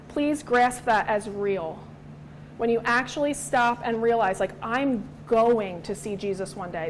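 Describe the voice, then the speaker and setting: A woman's voice: fairly high pitch, a little hiss or hum, poor audio. A woman in her thirties teaching a Bible study, earnest and personal, sometimes acting out the voices she quotes.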